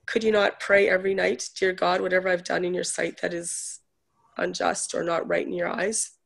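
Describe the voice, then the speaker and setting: A woman's voice: lowish voice, flat delivery, normal speed, gravelly. A woman guest, a spiritual healer, chatting casually in a talk show and retelling a conversation in a storytelling way. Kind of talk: casual chat.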